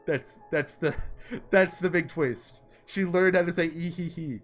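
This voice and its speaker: A man's voice: sits high, steady tone, unhurried, faint music behind. A man hosting a visual novel playthrough, rambling casually with lots of filler words. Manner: rambling, chatty, full of "like". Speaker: let's play host. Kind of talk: casual game commentary.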